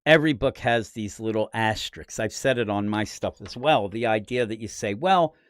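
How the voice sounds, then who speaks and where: A man's voice: fairly low pitch, fairly quick, dry recording. A man from the Philadelphia area hosting a comics podcast, giving a rambling, opinionated preview of the week's comics. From Philadelphia area, USA. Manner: rambling, opinionated, animated asides. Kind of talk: casual comic book preview commentary.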